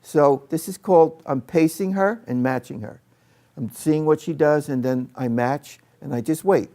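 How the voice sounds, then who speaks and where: A man's voice: fairly high pitch, moderate pace, dark tone. A man training teachers in a live workshop, chatting with his audience and demonstrating with a volunteer in a training room.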